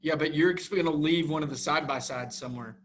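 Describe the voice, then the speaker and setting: A man with a slightly raised pitch chats on a podcast. He hesitates a lot and fills pauses with "uh" and "um". When he is teased, he defends himself. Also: slight background noise. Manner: hesitant, many fillers, defensive. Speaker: podcast co-host. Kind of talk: casual chat.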